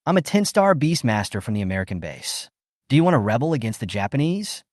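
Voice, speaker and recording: A pompous old beast master barks threats and insults, as a male recap narrator puts him on. The voice jumps around with lively pitch and sits dry and close, with no room sound. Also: fast, no room sound, lightly acted. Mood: blustering. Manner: blustering, threatening. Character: arrogant older male American beast master.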